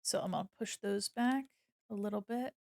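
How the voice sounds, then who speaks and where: A woman's voice: medium pitch, normal speed, gravelly, darkish tone, no echo. A woman streaming while she draws, chatting casually with her viewers, playful and mock-offended, laughing often. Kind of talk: casual live-stream chat while drawing.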